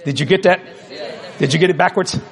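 Speaking quickly in a high voice, this man delivers a funny sermon before thousands in a big auditorium. His folksy story comes out animated, with laughter breaking into his words.

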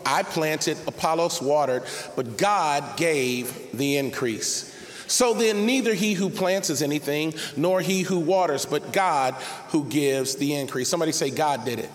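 A man preaching a sermon as pastor, reading scripture and building up to shouted, emphatic calls to his congregation. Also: fairly high pitch, unhurried. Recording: reverberant hall with faint noise.

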